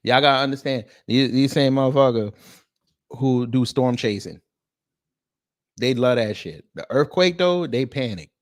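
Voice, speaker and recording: A man hosting a casual commentary show, swearing freely and mocking with animated energy. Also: mid-range voice, measured pace. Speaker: host.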